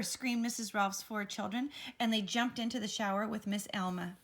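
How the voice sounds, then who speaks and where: A woman reading a children's picture book aloud, expressive and lively. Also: mid-range voice, moderate pace. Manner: expressive, lively character voices. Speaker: read-aloud storyteller.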